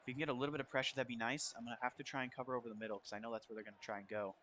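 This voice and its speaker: A man's voice: medium pitch, rapid-fire, a little hiss or hum. A young man in his college years giving casual play-by-play commentary over his football video game, keeping his voice down at home. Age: young adult. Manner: casual, chatty, spikes with excitement on big plays. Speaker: gameplay commentator. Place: shared home, speaking quietly for roommates.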